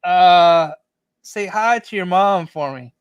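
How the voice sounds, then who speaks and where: A man's voice: high-pitched, slow, clean tone, no echo, highs cut off. A man co-hosting a live stream, joking around loosely and swearing casually as he chats. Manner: loose, profane, joking, reads chat aloud.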